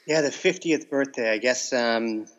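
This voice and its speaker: A man's voice: mid-range voice, unhurried, dull audio. A Canadian man of fifty, a teacher, chatting easily as a podcast guest with some ums and restarts. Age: 50s. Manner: easygoing, hesitant with fillers. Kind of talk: relaxed interview chat.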